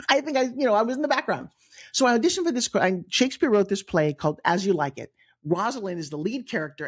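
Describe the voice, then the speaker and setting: A middle-aged woman from New York with a New York accent, telling her own life story on a podcast in an animated way, acting out the people she quotes. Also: medium pitch. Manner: animated, acts out quoted voices, frequent restarts. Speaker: guest storyteller.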